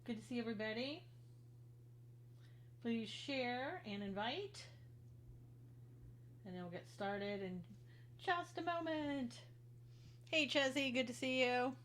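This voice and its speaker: A woman with a bright, slightly high voice hosts a livestream of political commentary. She is chatty and informal, greeting her viewers one by one by name. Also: expressive, takes it slowly, pauses often, slight background noise. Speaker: livestream host.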